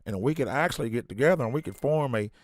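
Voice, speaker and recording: A man's voice: mid-range voice, animated, quick pace, darkish tone, no room sound, pitched above the performer's own voice, natural voice. A man voicing an eager young male lawyer who leaves a friendly voicemail, talking in an upbeat, folksy way with lots of fillers.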